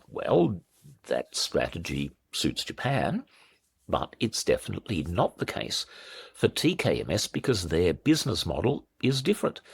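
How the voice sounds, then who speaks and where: A man's voice: low voice, creaky, husky, no echo. A middle-aged man hosting a podcast, giving sardonic, emphatic commentary with dry sarcasm. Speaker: podcast host and defence commentator. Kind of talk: opinionated solo podcast commentary.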